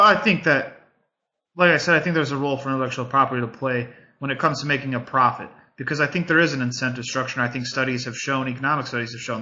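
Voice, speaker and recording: A man makes his case in a casual panel chat, earnest and circling back on his own phrases. His voice is sharp and very bright. The sound is muffled and lo-fi. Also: medium pitch. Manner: earnest, repeats himself while arguing a point. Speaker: panel guest.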